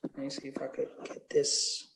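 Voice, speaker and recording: A man's voice: moderate pace, echoey room, noisy background. A man, a rapper guest in an interview, talking casually and laid-back, swearing freely with many fillers.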